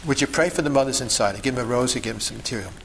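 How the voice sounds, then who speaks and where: A man's voice: medium pitch, very fast, vocal fry, a bit bright, a little hiss or hum, low-quality recording. A man giving an instructional talk to a group as a sidewalk counselor, emphatic and full of rhetorical questions and checks like "okay?" and "see?".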